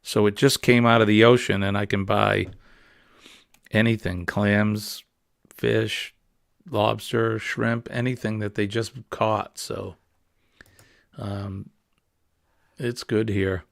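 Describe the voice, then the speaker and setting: A man's voice: on the low side, little pitch movement, slow, creaky, long pauses, no echo, studio quality. A man with a New England accent hosting a casual, rambling morning livestream chat. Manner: chatty, rambling, easygoing. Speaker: livestream host.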